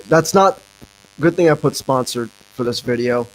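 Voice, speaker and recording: A man's voice: medium pitch, a little slow, vocal fry, low-quality recording. A young man hosting a casual livestream podcast, rambling with lots of fillers and restarts. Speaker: podcast host.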